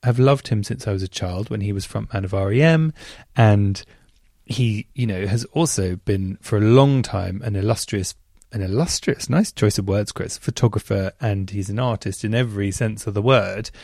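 Male podcast host, chatty, gushing, gravelly low voice, dry sound. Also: moderate pace, a little mellow, no echo. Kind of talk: casual chat reading listener messages.

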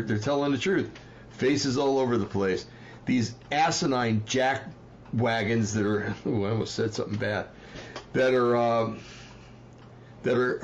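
A man from New Jersey talks on his own livestream at a middle pitch, rambling and worked up, full of fillers and apologies. The audio is slightly dull and lo-fi, with a faint hiss behind him. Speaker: livestream host. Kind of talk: casual livestream commentary.

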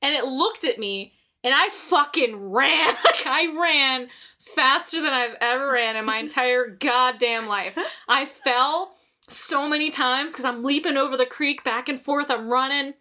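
A young woman with a high, bright voice tells a story in a loose, casual chat. She swears freely and laughs a lot between lines. Her telling is emphatic and animated. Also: unhurried.

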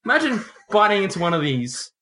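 A man's voice: sits high, very animated, fairly quick, sharp tone, slightly rough. A man rambling playfully with many fillers in a casual chat with friends.

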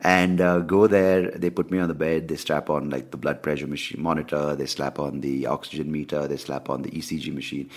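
A man hosting a podcast, telling a personal story in a candid, animated way with plenty of swearing. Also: a bass voice, brisk, hardly any pauses. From India. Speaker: podcast host. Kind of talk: casual ranting monologue.

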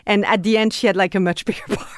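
A woman in her fifties from France with a French accent, chatting as an interview guest. She talks in a loose, chatty way, fills her speech with "you know," and laughs off dark topics. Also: mid-range voice, fairly even intonation, quick pace, slight background noise. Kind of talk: casual conversation.

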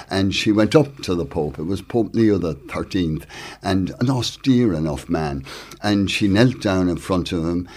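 A man with a very deep voice tells an anecdote as an interview guest. He brings the story to life, acting out the lines of the people in it. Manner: lively anecdotal storyteller, acts out dialogue. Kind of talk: conversational interview.

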